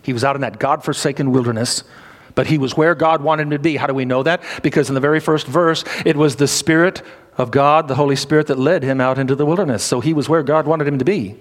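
A man's voice: medium pitch, steady tone, fast talker. A man preaching a sermon in an emphatic style, repeating phrases and prompting his listeners for responses. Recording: long reverb of a large hall.

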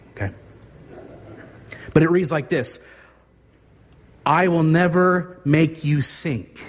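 Slow, deliberate male preacher in a hall. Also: on the high side. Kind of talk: sermon.

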